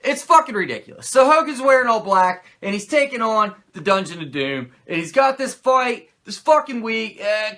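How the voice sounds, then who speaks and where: A male host running through a comedic wrestling recap, profane and sarcastic throughout. His voice is high and bright, with a pitch that swings all over.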